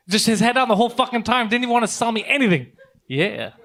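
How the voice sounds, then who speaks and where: A man co-hosting a comedy podcast, telling a story in a casual, animated way with plenty of swearing. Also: very high-pitched, fast. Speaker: podcast co-host.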